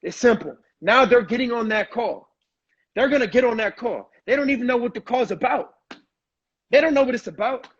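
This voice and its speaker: A man's voice: brisk, a bit bright, breathy edge, highs cut off. A man in his twenties giving emphatic, repetitive motivational sales coaching, full of "bro" and "right?". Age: 20s. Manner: acts out a breathless pitch to a friend. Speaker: sales trainer.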